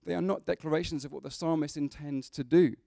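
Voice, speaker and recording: A man's voice: on the high side, steady tone, fast talker, creaky, mellow, no echo, clean studio sound. A man preaching a sermon in a church, conversational, with humorous asides to the congregation.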